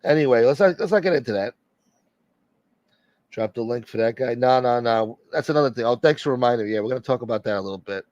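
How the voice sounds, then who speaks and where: A man's voice: mid-range voice, fast talker, darkish tone, no room sound, highs cut off. A man hosting a casual live stream, joking and swearing as he greets viewers by name and asks for support. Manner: profane, joking, reading out viewer names. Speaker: livestream host.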